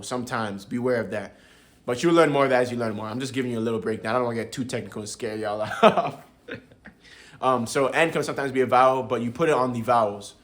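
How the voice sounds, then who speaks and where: A man's voice: medium pitch, fairly bright tone. A young man casually explaining tones to his viewers in a laid-back, chatty way, often chuckling and calling them bro. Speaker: language learner teaching viewers.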